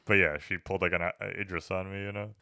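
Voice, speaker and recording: Give me a quick, bright, swearing guy hosting a movie podcast. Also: flat delivery, vocal fry, dry recording, clean studio sound. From United States. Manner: rambling, swears freely, full of "like" and "you know"; jumps into loud high mock voices for quoted lines. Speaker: podcast host. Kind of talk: casual movie review chat.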